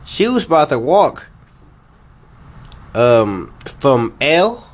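A man's voice: a little high, big pitch swings, extremely slow, long pauses. A man co-hosting a podcast, telling long, laid-back stories full of casual swearing. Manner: laid-back, profane, rambling anecdotes. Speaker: podcast co-host. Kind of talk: casual storytelling chat.

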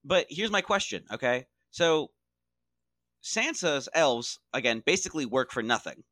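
A man's voice: a little high, sing-song, unhurried, bright, forceful tone, no room sound. A man co-hosting a casual comedic debate, pressing his point, repeating himself and swearing for emphasis. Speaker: podcast co-host.

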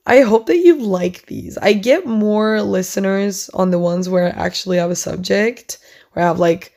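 A woman's voice: mid-range voice, a little mellow. A young woman hosting her own podcast, rambling in a casual, chatty way and often saying "like" and "oh my God". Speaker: podcast host.

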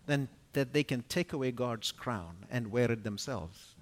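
A man giving an expository Bible teaching at a conference, emphatic and full of rhetorical questions, his loudness rising and falling sharply. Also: mid-range voice, expressive, measured pace. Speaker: conference speaker teaching scripture. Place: conference venue.

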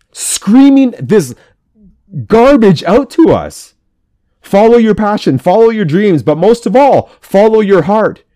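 A man's voice: fairly high pitch, dark tone, no echo. A man hosting a podcast, preaching to men in a fiery, emphatic way and repeating his phrases for force. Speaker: podcast host.

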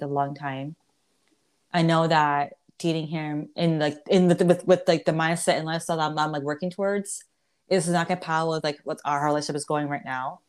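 A young woman hosts a podcast in loose, casual chat, swearing freely and tripping over her words as she talks. Her voice sits a bit low for a woman, and she often breaks into laughter. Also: a little mellow. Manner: candid, profane, laughs often, many restarts. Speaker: podcast host.

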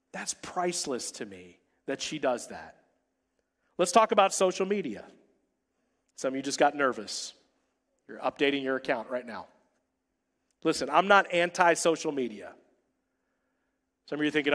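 A man in his forties preaches a sermon with punchy lines and wry joking asides, often dropping suddenly soft for effect. His voice sits a little high for a man. Long reverb from the church sanctuary trails behind every line. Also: sing-song, normal speed, pauses often. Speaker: pastor.

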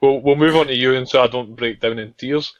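A man's voice: mid-range voice, steady tone, a little fast. A Scottish man hosting a casual podcast, steering the talk and teasing his friends. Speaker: podcast host. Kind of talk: casual chat. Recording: dull lo-fi podcast audio.

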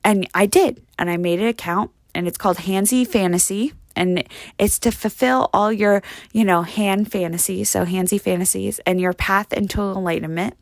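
A young woman rants in a brash, profane comedic monologue, rambling from point to point and padding every line with "like" and "you know". Her voice sits at an ordinary middle pitch, and the recording is dry and close with no room around it. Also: normal speed, gravelly, dry recording.

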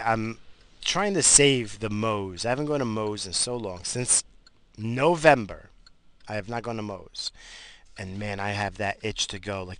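A man's voice: on the low side, creaky, fairly bright tone. A middle-aged man rambling and grumbling profanely in a casual radio monologue while driving. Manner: profane, grumbling, easily aggravated. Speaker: radio show host.

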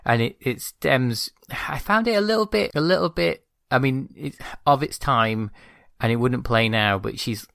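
A man's voice: medium pitch, moderate pace, vocal fry, fairly bright tone, no echo, clean studio sound. A man co-hosting a podcast, discussing a film in a thoughtful, hesitant way with many restarts. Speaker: podcast co-host.

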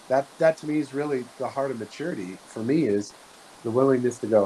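A man talking slowly and earnestly in a reflective spiritual way, often restarting his sentences. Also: medium pitch, rough recording. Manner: slow, soft-spoken, earnest, with frequent restarts. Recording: faint hiss.

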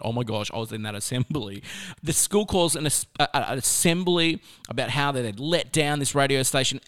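A man's voice: medium pitch, fairly bright tone. A middle-aged man giving an earnest, conversational motivational talk to teenagers, mixing personal stories with scripture. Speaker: youth speaker.

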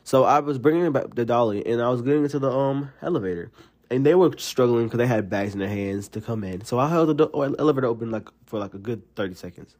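A man with a Southern US accent from Alabama, hosting a casual solo podcast and telling rambling, animated stories full of fillers. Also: medium pitch, fast talker. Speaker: podcast host.

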